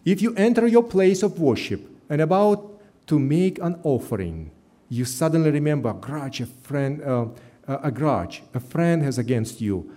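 A middle-aged man, preaching a sermon as a pastor in an earnest, emphatic way with slow stressed phrases. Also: on the high side, expressive, warm tone. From Russia.

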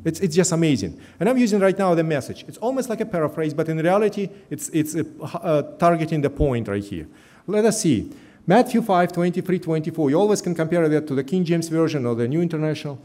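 Animated pastor preaching. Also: male voice, on the high side. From Russia. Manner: earnest, emphatic preaching with slow stressed phrases. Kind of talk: sermon.

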